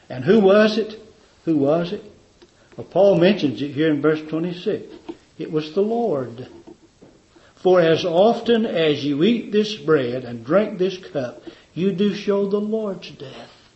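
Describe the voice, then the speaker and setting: A man's voice: medium pitch, lively intonation, a little slow, warm tone, lo-fi sound, slight background noise. A man preaching a communion sermon in a fervent, repetitive cadence.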